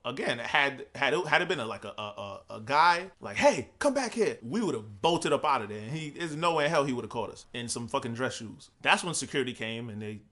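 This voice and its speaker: A man's voice: medium pitch, pushed and bright. A young man from Providence telling a story in a laid-back, profane way, laughing as he talks. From Providence, Rhode Island. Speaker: podcast host. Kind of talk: casual storytelling.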